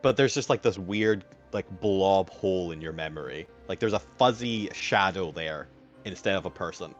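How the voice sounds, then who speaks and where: A man's voice: sits low, animated, normal speed, muffled recording, faint music behind. A man narrating as game master of a tabletop game, rambling with many fillers and restarts.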